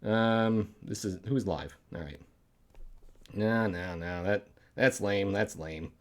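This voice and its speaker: A man's voice: lowish voice, takes it slowly. A man hosting a live comedy stream, chatting casually with viewers in a rambling way with muttered asides.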